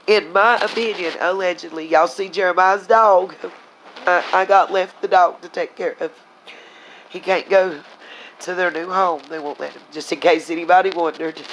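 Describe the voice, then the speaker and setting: A woman's voice: fairly low pitch, fairly even intonation, normal speed, slight background noise, rough recording. A woman, angrily venting to her viewers in a casual vlog, blunt and heated, talking to them as y'all. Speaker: vlogger. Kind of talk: angry casual vlog rant.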